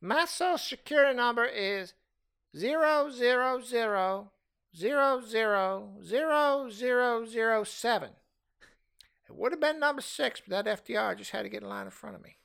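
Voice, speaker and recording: A man's voice: very high-pitched, moderate pace, vocal fry, pushed and bright, smooth, voice pushed up, exaggerated voice. A man putting on the voice of a chatty, very old woman who rambles proudly about how long she has been around. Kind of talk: comic impression in casual chat.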